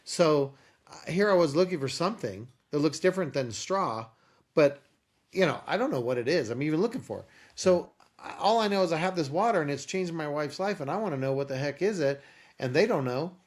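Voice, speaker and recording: Speaking fairly quickly in a slightly high voice, a male podcast guest recounts a lengthy story from his own life. He brings it to life by performing the dialogue of each conversation.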